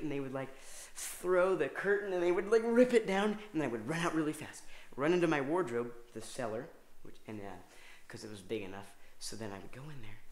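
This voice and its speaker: A young man doing a stand-up comedy routine, telling a story in halting, rambling sentences full of restarts. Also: mid-range voice, echoey room.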